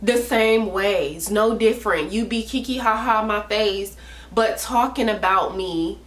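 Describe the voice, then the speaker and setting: A woman's voice: mid-range voice, moderate pace, a bit bright, reverberant. A woman telling a personal story in a casual storytime vlog, talking emphatically with slang and repeating herself for stress. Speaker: vlogger.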